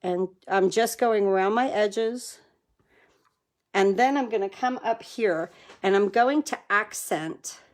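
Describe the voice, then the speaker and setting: A woman's voice: medium pitch, slow pace. A woman hosting a live card-making demonstration from her craft room, chatty and enthusiastic, thanking viewers by name as she works.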